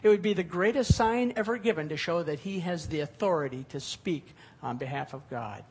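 A middle-aged man preaching from the pulpit in a notably high voice. He reads scripture aloud and then explains it, pressing his points with growing emphasis. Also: expressive, brisk, a little mellow, slightly rough. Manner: expository preaching with scripture reading, rising emphasis. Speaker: pastor. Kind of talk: sermon.

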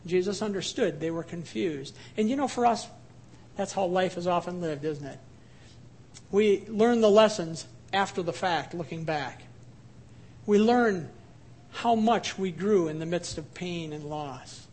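A man's voice: high voice, normal speed. A man preaching a sermon as a pastor, earnest and emphatic, asking the congregation questions and telling stories.

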